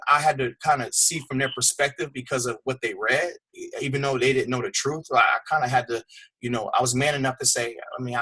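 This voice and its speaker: A man's voice: mid-range voice, sharp tone, slightly rough. A middle-aged man, a fitness trainer, telling a personal story in a candid, conversational way on a call. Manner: candid, conversational, repeats words and uses "man".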